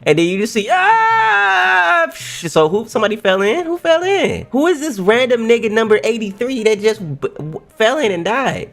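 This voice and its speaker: Excitable man reacting live to manga. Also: high voice, brisk, vocal fry, hardly any pauses. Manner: excitable, profane, laughs often, reacts loudly.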